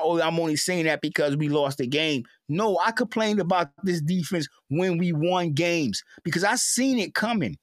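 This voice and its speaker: A man's voice: high voice, dry recording, clean studio sound. A man giving an emotional, repetitive sports rant as a fan commentator, stammering at times.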